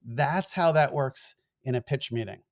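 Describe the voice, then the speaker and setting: A middle-aged man with a New York accent, a former TV producer lecturing fast in an online course and acting out quoted emails. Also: mid-range voice. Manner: fast-talking, animated, acts out quoted emails.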